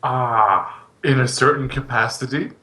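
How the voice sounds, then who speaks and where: A man trades wry asides as a tabletop player, his voice bright and sharp. He keeps his tone dry and understated, even when teasing. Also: mid-range voice, unhurried. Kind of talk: casual tabletop banter.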